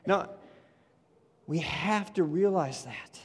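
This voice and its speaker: High-voiced pastor in a reverberant church. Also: male voice, lively intonation, moderate pace. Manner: conversational, repeats words, says "you know" and "right" often. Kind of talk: sermon. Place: church sanctuary.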